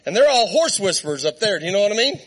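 High-voiced preacher telling a laughing story. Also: male voice, fast. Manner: lively, laughing, conversational, talks to the crowd. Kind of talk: storytelling sermon.

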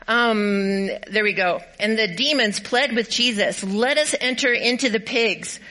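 A woman's voice: medium pitch, moderate pace, sharp tone, low-quality recording. A woman pastor giving a sermon, cheerfully directing volunteers through a skit and reading scripture aloud. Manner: upbeat and encouraging.

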